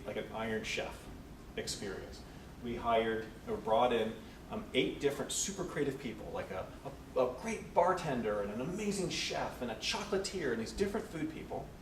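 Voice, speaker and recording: A man leading a conference session, telling a work story and acting out the people in it. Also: mid-range voice. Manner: animated storyteller acting out quotes. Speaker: session leader. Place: conference room. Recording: echoey room from far off with noise.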